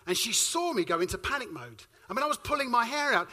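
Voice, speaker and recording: Uk preacher guy, high and very bright voice, animated storytelling, acts out all the dialogue. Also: fairly quick, long pauses. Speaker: pastor. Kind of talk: sermon with personal story.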